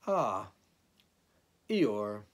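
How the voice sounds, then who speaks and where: A man doing a busy, self-important storybook rabbit with a raised, lively voice that jumps up and down in pitch. He speaks briskly and sounds hurried, like someone with somewhere else to be. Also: husky, heavily acted.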